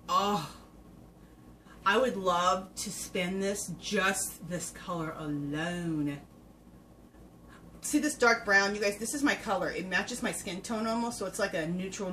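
A woman's voice: medium pitch, fairly bright tone, a little hiss or hum, rough recording. Gushing woman host showing off yarn. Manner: gushing, enthusiastic, full of filler words. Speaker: fiber-craft podcast host. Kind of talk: casual show-and-tell chat to viewers.

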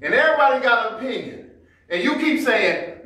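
A man's voice: extremely high pitch, animated, a little fast, bright, forceful tone. A male pastor preaching a sermon to his congregation, talking conversationally and acting out everyday scenes. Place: church sanctuary. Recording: very echoey church hall, distant mic.

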